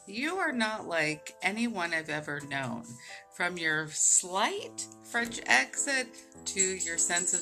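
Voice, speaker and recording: A woman reading a fond, measured birthday message. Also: lowish voice, bright, forceful tone.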